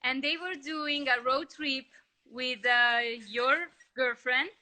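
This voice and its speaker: A woman from Italy with an Italian accent, chatting as a guest on a video call in friendly, halting English. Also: high voice, steady tone, pushed and bright, poor audio. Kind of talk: casual video-call chat.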